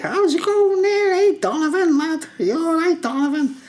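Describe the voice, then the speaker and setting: A man voicing a cheeky, pestering man who calls out in a high, sing-song taunt. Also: animated, normal speed, a little mellow.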